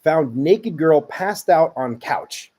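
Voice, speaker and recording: A man's voice: on the high side, animated, slow, dark tone. A man hosting a podcast who reads listener stories aloud in an easygoing, casual way. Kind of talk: casual chat and reading aloud.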